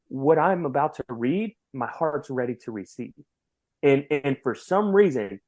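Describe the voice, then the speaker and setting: Man, podcast guest, mid-pitched voice, earnest testimony, animated storytelling. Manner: earnest, animated retelling with repeated words.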